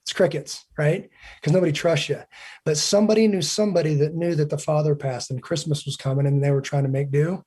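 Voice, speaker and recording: A man in his forties talks quickly and earnestly as a podcast guest, with a fairly high but mellow voice. His tone is a little husky, and he acts out quoted dialogue as he tells his stories. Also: fairly even intonation. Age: 40s. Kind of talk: casual podcast conversation.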